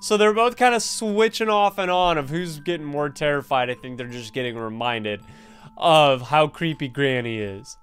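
A young man commentating a horror game, excitable and jokey, exclaiming often. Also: fairly high pitch, normal speed, clean tone. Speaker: gaming video host.

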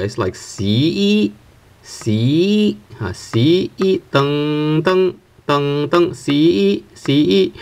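Guy teaching a language lesson off the cuff, lots of uh and right?, mid pitch, says sample sounds out loud. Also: gravelly. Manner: explains with many fillers and restarts, keeps asking "right?"; says example syllables aloud to show each pitch. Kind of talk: unscripted spoken lesson.

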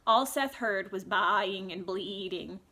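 A woman reading a fantasy novel aloud in a clear, even storytelling voice, now and then adding a casual aside to her listeners. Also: medium pitch, takes it slowly. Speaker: audiobook reader.

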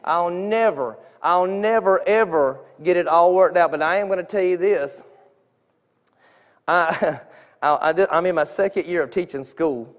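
A man's voice: on the high side, moderate pace. Earnest man testifying in church. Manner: earnest, conversational, frequent restarts. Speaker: church speaker giving testimony. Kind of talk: informal sermon testimony. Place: church sanctuary. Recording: long reverb of a church hall.

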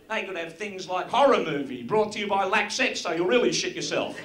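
A high-voiced man with an Australian accent does a crude live stand-up set, firing brash jokes at the crowd at a moderate pace, very animated and fairly bright in tone. The recording is roomy, from a live venue with the audience audible.

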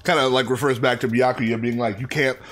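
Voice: mid-range voice, flat delivery, a little fast. A co-host of a video game playthrough chatting casually with a rambling, laughing manner and frequent swearing. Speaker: let's-play co-host. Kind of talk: casual gaming chat.

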